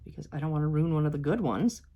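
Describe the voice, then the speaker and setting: A woman's voice: low voice, fast, dull audio. A woman quilting vlogger chatting casually to her viewers as she works, fretting and cheering herself on. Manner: chatty, self-doubting, talks to viewers as "you guys". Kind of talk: casual talk-along while sewing.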